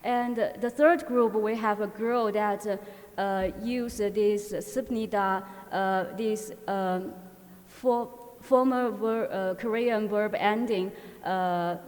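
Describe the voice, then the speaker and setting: Woman, conference presenter, mid-pitched, halting delivery full of fillers, long hall reverb. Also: a little mellow. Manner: halting, frequent filler pauses and restarts. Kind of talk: academic conference talk.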